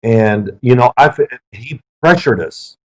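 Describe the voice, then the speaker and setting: A middle-aged man, a former football player, answering interview questions with lively anecdotes. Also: mid-range voice, unhurried. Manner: lively storyteller who acts out quoted people. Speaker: interview guest, former pro quarterback. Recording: dull lo-fi sound.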